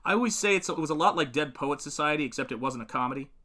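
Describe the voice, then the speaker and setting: A man's voice: a little high, expressive, racing, sharp tone. A middle-aged man hosting a live painting stream, chatting in a rambling, friendly way, answering viewer comments and laughing often while he works. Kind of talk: casual live-stream chat.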